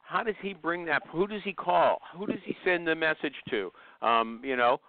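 A man's voice: fairly high pitch, animated, normal speed, no room sound. Male host, blunt interrupter, dry phone-quality recording. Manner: pushy, interrupting, probing questions. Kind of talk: casual talk show interview. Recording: dry, phone-like narrow sound.

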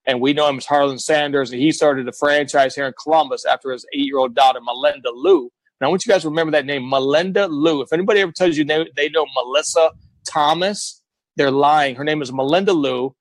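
A middle-aged American man tells his own life story with earnest emphasis, slipping into the voices of the people he quotes. His voice sits a little high for a man. The sound is dry and close, as if on a video call. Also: a little fast, no echo, low-quality recording. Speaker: guest. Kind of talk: emotional personal storytelling.

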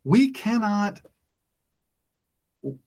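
A man's voice: high-pitched, sing-song, drawn-out words, dark tone. A man hosting a radio call-in show, ranting emphatically and repeating his points. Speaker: talk radio host. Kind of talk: opinionated radio monologue.

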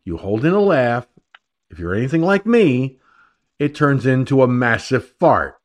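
A man's voice: medium pitch, very animated, unhurried. An older man hosting an online talk radio show, joking and rambling crudely about everyday troubles. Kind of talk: casual call-in chat.

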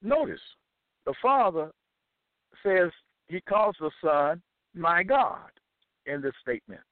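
A man teaching from scripture in a deliberate, measured way, citing each chapter and verse aloud. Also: high voice, big pitch swings, no echo. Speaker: bible teacher. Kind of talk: slow scripture reading and teaching. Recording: dry, tinny phone-like sound.

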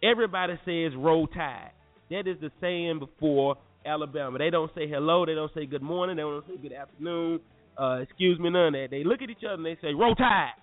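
A young man from North Carolina, animated and slangy, telling a story to listeners as a podcast host. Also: on the high side, brisk. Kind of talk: casual storytelling. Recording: phone-like lo-fi audio with faint music.

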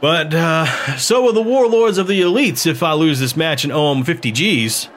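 A man's voice: a little high, normal speed, fairly bright tone, a little hiss or hum, pitched above the performer's own voice, lightly acted. A man voicing a battered, stubborn male prizefighter who grumbles and snaps back in an audiobook. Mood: grumbling, stubborn. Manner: grumbling, curt.

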